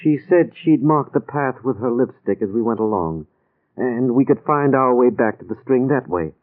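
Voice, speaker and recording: An actor playing a nervous, shaken husband recovering in hospital, in 1940s radio acting. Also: male voice, medium pitch, expressive, normal speed, lightly acted. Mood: anxious. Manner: nervous, apologetic. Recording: tinny old radio recording.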